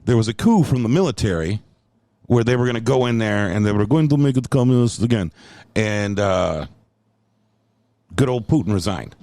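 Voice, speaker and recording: A man hosting a podcast in casual chat, telling animated, profane stories and slipping into put-on voices. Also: on the low side, moderate pace, no room sound. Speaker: podcast host.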